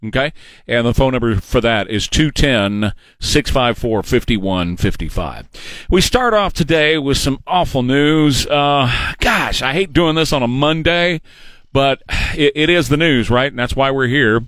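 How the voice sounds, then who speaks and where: A man's voice: medium pitch, expressive, unhurried, fairly bright tone, dry recording. A man hosting a talk radio news show, reading stories and giving sarcastic, opinionated commentary. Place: radio studio. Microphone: studio microphone.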